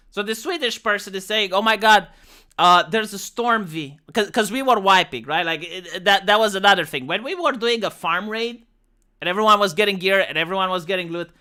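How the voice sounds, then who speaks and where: A streamer with a Romanian accent, ranting bluntly and with plenty of swearing in a casual livestream about leading raids. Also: medium pitch. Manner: blunt, profane, animated ranting. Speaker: streamer and former raid leader.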